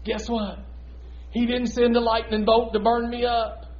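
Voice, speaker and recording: A male pastor delivering a sermon, shifting between loud emphatic preaching and quiet, intimate asides. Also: very high-pitched, monotone, normal speed, lo-fi sound.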